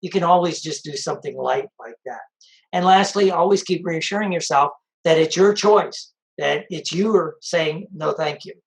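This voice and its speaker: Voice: mid-range voice, normal speed, creaky, low-quality recording. A sobriety coach giving practical advice in a casual, conversational way, repeating the key points. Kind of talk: casual spoken advice talk.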